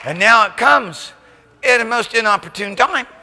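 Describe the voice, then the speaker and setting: A man preaching a church sermon, telling a story and building to shouted climaxes. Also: very high-pitched, animated, normal speed, over a noisy crowd, heavy background noise. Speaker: pastor. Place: church sanctuary. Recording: church hall reverb.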